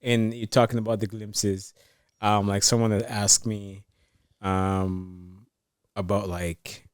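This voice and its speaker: A man co-hosting a parenting podcast, relaxed and quick to chime in with agreement. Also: fairly low pitch, no echo, studio quality. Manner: relaxed, frequent agreeing murmurs. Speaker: podcast co-host, father. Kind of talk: casual chat.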